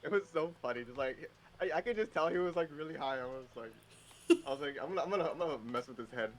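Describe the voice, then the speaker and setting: A young man chatting as a podcast guest, telling a funny work story in a relaxed, halting way. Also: on the high side, a little hiss or hum. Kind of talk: casual chat.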